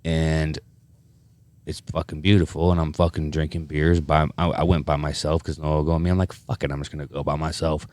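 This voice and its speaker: Low-voiced man telling profane stories. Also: fairly quick, no echo. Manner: profane, animated storytelling with many fillers. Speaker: podcast host. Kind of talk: casual chat, storytelling.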